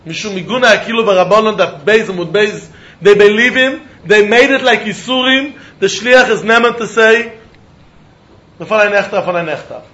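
A man teaching a Talmud lesson, animated, often repeating words as he thinks and breaking into laughs. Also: high-pitched, normal speed. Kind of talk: Talmud study lecture. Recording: roomy, muffled recording with faint background noise.

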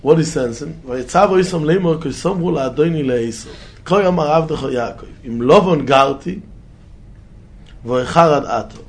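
A man teaching a Torah lesson as a rabbi, chanting quoted verses in a singsong and climbing high when he stresses a point. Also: normal speed, vocal fry, slight background noise.

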